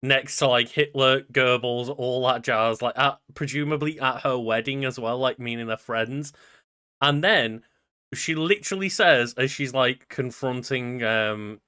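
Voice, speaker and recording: A man's voice: mid-range voice, unhurried, bright, forceful tone, clean tone. A young man co-hosting a casual podcast, chatty, running through the show plugs. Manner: chatty, reads promo plugs in a customer-service cadence. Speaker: podcast co-host.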